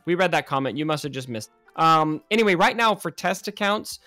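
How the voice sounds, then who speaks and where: Young guy chatting about a mobile game, a bit high voiced, laughs a lot, soft music under it. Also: a little fast, dry recording. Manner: chatty, excitable, laughs often. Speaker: podcast co-host. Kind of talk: casual gaming chat, reading comments.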